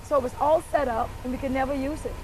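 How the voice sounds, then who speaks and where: A woman's voice: high voice, steady tone, fast talker, slight background noise, rough recording. A woman chatting frankly as she points out local buildings. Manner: loud, frank commentary. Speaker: party supporter giving a tour. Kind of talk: casual chat. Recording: music and crowd behind.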